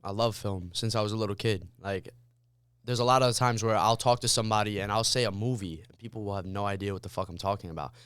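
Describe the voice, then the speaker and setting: A man talking as a podcast guest in a loose, profane, animated way. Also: on the low side, fast, clear, resonant tone, no echo, clean studio sound. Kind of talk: casual chat.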